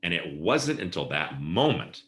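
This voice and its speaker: Deep-voiced man telling animated stories. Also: measured pace. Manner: animated storyteller acting out quoted voices. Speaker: podcast guest, event planner. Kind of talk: casual storytelling interview. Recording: roomy echo.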